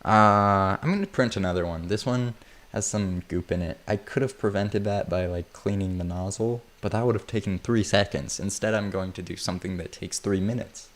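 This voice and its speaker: His lowish voice runs at normal speed as he tinkers with a build on a livestream. He rambles, jokes at his own expense, and chuckles frequently in a casual chat.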